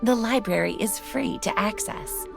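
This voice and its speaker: A languid, gravelly librarian mage. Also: female voice, mid-range voice, measured pace. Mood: teasing. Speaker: game character. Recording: loud game music behind.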